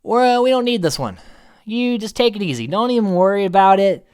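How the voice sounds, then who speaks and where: A man's voice: sits high, animated, a little fast, a little mellow, smooth, pitched above the performer's own voice. A man putting on a cocky, breezy woman. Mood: dismissive. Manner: breezy, dismissive. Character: cocky dismissive woman contestant.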